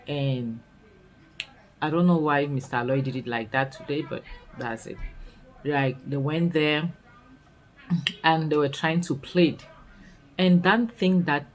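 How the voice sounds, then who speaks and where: A woman with a Nigerian accent recapping a series in casual commentary, expressive and full of scolding rhetorical questions. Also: low-pitched, low-quality recording. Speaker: series reviewer.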